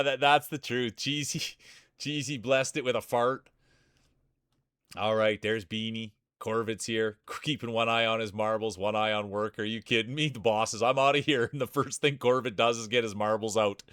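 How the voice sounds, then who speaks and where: A man's voice: mid-range voice, a bit bright, clean tone, no room sound, clean studio sound. A man hosting a live stream, calling marble races with playful jokes and hype. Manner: playful, joking, hype-building. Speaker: streamer and race commentator.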